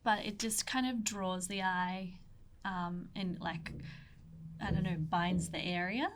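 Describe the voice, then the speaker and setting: A young Australian woman, an artist, talks through an ink drawing in a rambling, chatty way, full of fillers and asides, sometimes trailing off into soft murmurs as she concentrates. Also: fairly low pitch, fairly even intonation, slow pace, slight background noise. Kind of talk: casual drawing tutorial.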